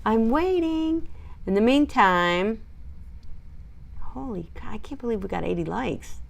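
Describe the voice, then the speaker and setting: Gravelly-voiced woman groomer chatting live. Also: mid-range voice, unhurried. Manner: chatty and animated, laughing and reacting to chat. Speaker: dog groomer hosting a live stream. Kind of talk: casual live-stream chat, reading out viewer comments.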